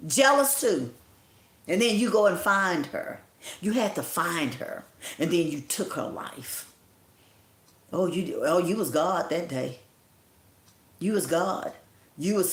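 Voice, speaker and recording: A woman's voice: medium pitch, lively intonation, normal speed. A grieving woman delivers a passionate, preaching livestream monologue. Her voice carries a noticeable echo from the room around her. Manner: impassioned, preaching and scolding. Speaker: livestream host. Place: indoor room at home.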